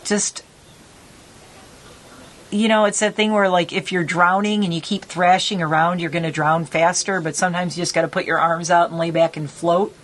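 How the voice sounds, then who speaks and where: A middle-aged woman vlogging casually from her rural home, talking in a rambling, animated way. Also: fairly low pitch, moderate pace, poor audio. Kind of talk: casual chat. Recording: faint background noise.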